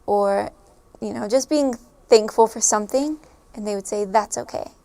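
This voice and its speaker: A woman with a gravelly, dark, medium-pitched voice talks at a normal pace as she recalls her time living abroad. It's a relaxed chat to camera, filled with fillers and frequent giggles.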